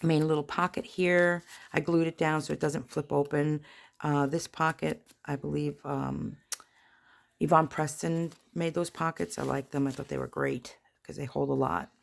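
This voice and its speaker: A woman's voice: low-pitched, level tone, normal speed, vocal fry. A woman casually narrating a flip-through of her handmade journal, with chatty, rambling, self-deprecating asides. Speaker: junk journal crafter. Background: paper rustling and crinkling.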